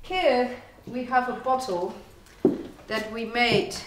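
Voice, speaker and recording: A woman's voice: on the high side, steady tone, slow. Woman, museum guide, explanatory storyteller, echoey room, faint background noise. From Netherlands. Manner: explanatory, storytelling, lists products. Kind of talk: guided tasting tour. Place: indoor distillery museum.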